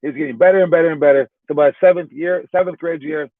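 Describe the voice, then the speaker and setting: Young male hoops coach, loose chatty delivery, slightly high voice, tinny dry phone-like recording. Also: quick pace, no room sound. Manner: chatty, many fillers and restarts. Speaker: basketball coach. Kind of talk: casual recap and storytelling.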